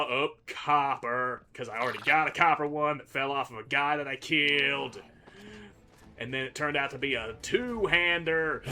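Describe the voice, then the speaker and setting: A man giving crude, sarcastic commentary while playing a video game, trash-talking the enemies he fights. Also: on the high side. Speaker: gaming channel host. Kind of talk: gameplay commentary.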